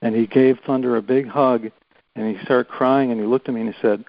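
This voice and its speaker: A man on a conference call, telling a story in an earnest, halting way and repeating words as he goes. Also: mid-range voice, steady tone, vocal fry, no room sound, highs cut off. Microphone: phone or conference call.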